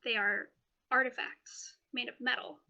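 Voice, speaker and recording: Bright, high-voiced woman game master. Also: a little slow, muffled recording. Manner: lively, playful narration with frequent laughs. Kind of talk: narrating a tabletop game.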